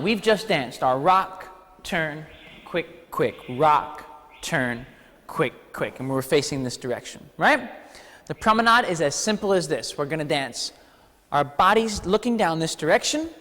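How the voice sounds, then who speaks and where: A dance teacher leads a ballroom class in a studio hall, energetically counting steps aloud in a fairly high voice. His delivery is lively and swooping, with playful asides, and a long reverb rings out after his words.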